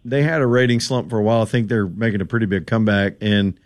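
A man's voice: on the low side, fairly even intonation, quick pace. A man hosting a radio call-in show, joking and bantering with callers. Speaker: radio talk show host. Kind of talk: casual call-in radio chat.

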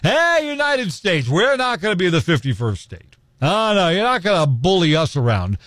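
A man's voice: mid-range voice, measured pace, dark tone, no echo, studio quality, lightly acted. An American man putting on a mock-indignant, defiant voice for a personified country. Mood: huffy.

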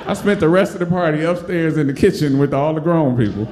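A man from Detroit, a stand-up comic, telling a funny story on stage in an animated way and acting out other people's voices. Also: fairly high pitch, quick pace, hardly any pauses, roomy sound, noisy background. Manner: animated, acts out voices, laughing.

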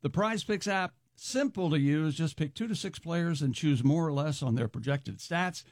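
Guy with a higher voice doing a peppy ad read, dry close mic. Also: no room sound. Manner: upbeat, brisk ad read. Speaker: podcast co-host reading an ad. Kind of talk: read sponsor ad.

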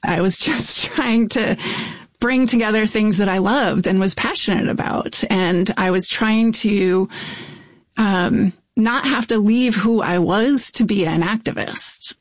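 A middle-aged woman activist narrating her past in a brisk, earnest, reflective way. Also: mid-range voice, dry recording.

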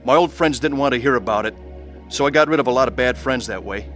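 A man's voice: medium pitch, fast, a bit bright, soft background music. A man narrating his own testimony in an earnest, pleading way.

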